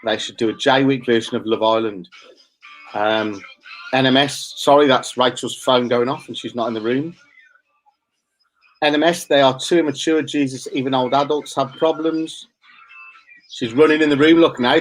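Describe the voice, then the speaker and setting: A man's voice: medium pitch, moderate pace, faint music behind. A middle-aged man, hosting a casual chat and joking around. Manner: teasing, jokey. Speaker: host.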